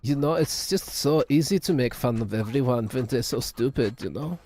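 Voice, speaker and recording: A man's voice: mid-range voice, normal speed, a little mellow, a little hiss or hum, lightly acted. A man putting on the voice of a snarky, cynical character who mocks everyone and talks bluntly. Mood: sneering. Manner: blunt, sneering, grumbling.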